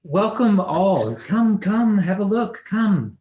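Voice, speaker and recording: A man's voice: sits high, very animated, takes it slowly, echoey room, muffled recording, pitched above the performer's own voice, full character voice. A man doing a gushing, tipsy rich mother.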